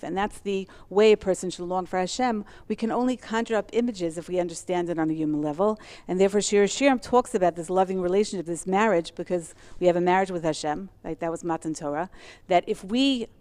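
A woman teaching a religious class, talking fast and eagerly as she works through her source sheets. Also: on the low side, darkish tone.

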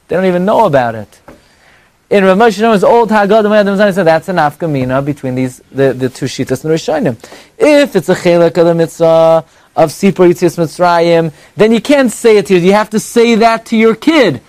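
A man with a high voice teaches an evening class to a live audience. He is animated and conversational, jumping between bright exclamations and quiet asides, and he keeps firing rhetorical questions. The sound is dry and close, with almost no room echo. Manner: quick rhetorical questions and mock dialogue.

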